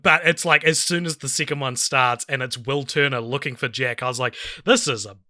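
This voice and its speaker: Bright, opinionated male podcast co-host. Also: mid-range voice, steady tone, fairly quick, no room sound, clean studio sound. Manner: opinionated, builds arguments at length. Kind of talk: casual film discussion.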